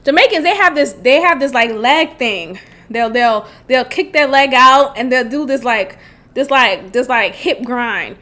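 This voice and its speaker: Podcast host: thirty-year-old woman, high-pitched, animated and giggly in a loose comedic monologue. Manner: laughs often, animated and chatty.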